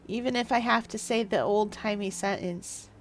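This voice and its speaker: A woman's voice: medium pitch, a little hiss or hum. A woman streaming a game live, chatting casually in a playful, rambling, self-mocking way. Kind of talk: casual live gameplay commentary.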